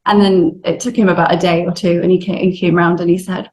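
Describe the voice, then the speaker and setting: Animated woman telling a story. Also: on the low side, fast, few pauses, a little hiss or hum, poor audio. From Wales. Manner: animated storyteller acting out quotes. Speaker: guest. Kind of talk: casual interview.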